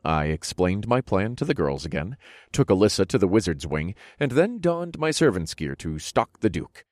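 A man with a very low voice reading a first-person fantasy audiobook. His delivery is expressive and wry, with a wide, lively pitch range. The recording is close and dry. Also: normal speed, no echo. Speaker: audiobook narrator.

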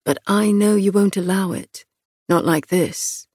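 A woman reading an audiobook, voicing a tall young man who speaks low, hushed and intimate, tender and intent. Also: steady tone, measured pace, breathy edge, dry recording, clean studio sound.

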